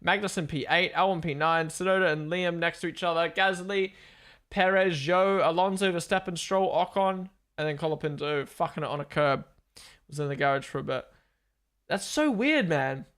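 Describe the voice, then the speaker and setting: A young man hosting a live race watchalong stream, chatting casually, excitable and swearing as he thinks aloud. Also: on the high side, moderate pace.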